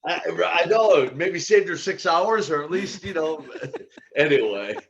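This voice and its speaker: A man in his sixties, a former pro wrestler, telling stories as a podcast guest in an animated way with laughs and restarts. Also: a little high, a little slow, noisy background. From United States. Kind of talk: casual storytelling interview. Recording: dull lo-fi audio.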